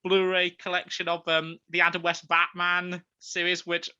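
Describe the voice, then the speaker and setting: A man's voice: sits high, completely flat delivery, moderate pace, bright, forceful tone, clean tone. A man co-hosting a podcast, chatting casually and rambling with plenty of ums and restarts. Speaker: podcast co-host. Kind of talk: casual review chat. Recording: dull lo-fi mic.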